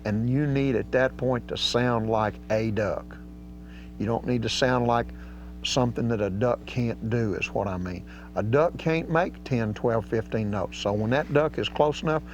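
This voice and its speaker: A man's voice: mid-range voice, moderate pace, faint music behind. Folksy man teaching duck calls. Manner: folksy and drawling, with casual grammar. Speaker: duck calling instructor. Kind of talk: outdoor hunting instruction. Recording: slightly dull audio with faint hum.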